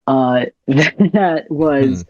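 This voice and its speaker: A man's voice: medium pitch, extremely slow, no echo. A laid-back young man from the United States, talking easily as a podcast guest and laughing now and then. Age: young adult. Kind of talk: casual conversation. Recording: dull lo-fi dry audio.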